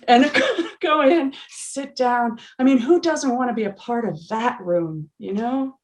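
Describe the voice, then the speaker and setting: A woman's voice: medium pitch, moderate pace, darkish tone. Woman in her 40s telling an earnest story on a video call, lots of little laughs and restarts. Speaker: yoga teacher in prisons.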